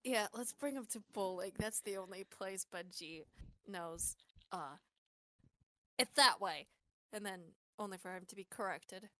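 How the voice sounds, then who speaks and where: A woman's voice: mid-range voice, normal speed, a little hiss or hum. A woman playing a tabletop game, playfully describing what her character does. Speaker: player. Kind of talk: casual game chat.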